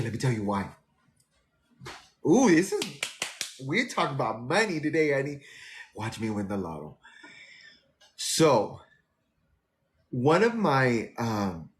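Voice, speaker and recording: Sassy, animated man chatting on a livestream. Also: medium pitch. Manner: sassy, animated, calls listeners girl and honey. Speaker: livestream host. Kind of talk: casual livestream chat and storytelling.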